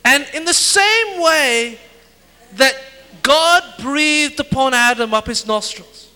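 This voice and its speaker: A man preaching a sermon in pauses for an interpreter, acting out scenes and dropping to a soft, slow voice for quoted words. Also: extremely high pitch. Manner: animated, acts out scenes, drops to soft slow voice for Jesus' words. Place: church hall. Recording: echoey hall. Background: long hall reverb.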